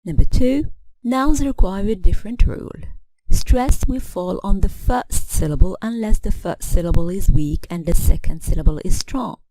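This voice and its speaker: A woman gives a scripted English pronunciation lesson in a mellow, warm voice. She talks clearly and deliberately, and she stretches each example word as she models it. The recording is dry and close, with no room sound. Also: medium pitch, no room sound, rough recording. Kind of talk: scripted instructional narration.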